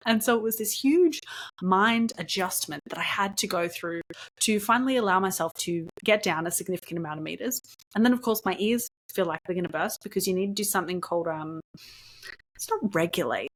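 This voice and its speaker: Young adult woman, podcast host, mid-pitched voice, chatty and animated, casual storytelling with frequent laughs. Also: brisk. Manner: chatty and animated, laughs often, lots of ums.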